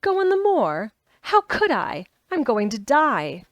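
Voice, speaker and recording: Woman voicing a petulant invalid boy, storybook reading; cross, high, dry sound. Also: normal speed, no room sound, lightly acted. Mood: alarmed. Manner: cross, resentful, rising to high outbursts. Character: sickly, petulant young boy, bedridden and gloomy.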